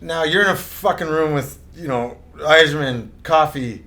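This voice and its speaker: A man's voice: fairly high pitch, normal speed, bright, forceful tone. A middle-aged man, a former hockey player, trading funny stories in a casual chat and laughing often. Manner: chatty, laughs a lot, quotes people.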